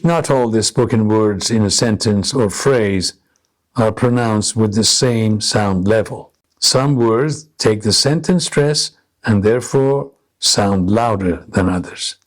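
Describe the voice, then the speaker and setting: A man narrating a scripted English lesson, explaining pronunciation slowly and deliberately. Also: mid-range voice. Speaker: English teacher.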